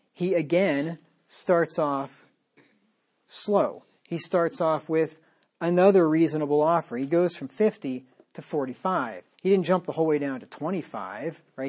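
A man's voice: fairly high pitch, darkish tone. A man preaching a sermon, reading scripture aloud and then explaining it plainly in a conversational way, often checking in with "right?". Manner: conversational, with frequent "right?" and "you know". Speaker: pastor.

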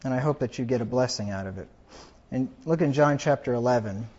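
A man's voice: mid-range voice, fairly quick, a little mellow, dull audio. A man preaching a funeral sermon, reading scripture aloud with rising emphasis.

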